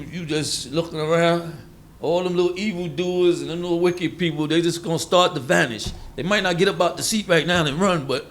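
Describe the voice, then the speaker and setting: A man's voice: a little high, a little hiss or hum. A man preaching in a casual, conversational way. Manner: informal, conversational, acts out quoted voices. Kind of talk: sermon teaching.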